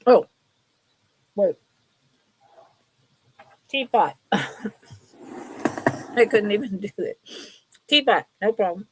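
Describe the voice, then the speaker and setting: A woman's voice: mid-range voice, lively intonation, very slow, long pauses, background noise. A woman hosting a casual live sale from her table, chatty and rambling, laughing often as she shows items. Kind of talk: casual live selling stream.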